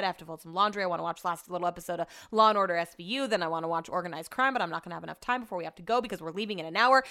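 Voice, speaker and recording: A young woman talks alone into a podcast mic from her home office, rambling and saying "like" a lot. Her voice is smooth and clear, at a middle pitch. She sounds shaken and subdued. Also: pushed and bright. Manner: chatty, rambling, says "like" often. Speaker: podcast host. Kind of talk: casual solo podcast chat.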